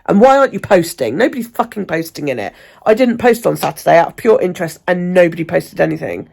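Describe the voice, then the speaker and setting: Gravelly, low-voiced woman ranting. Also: animated, fast talker, a little mellow. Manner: chatty, ranting, swears freely. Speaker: vlogger. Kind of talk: casual chat.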